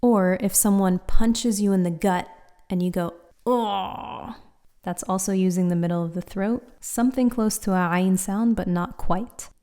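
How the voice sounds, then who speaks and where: A woman teaching pronunciation in a patient, clear instructional style, demonstrating sounds aloud. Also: medium pitch, normal speed, warm tone. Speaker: Quran recitation teacher. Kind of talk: instructional explainer.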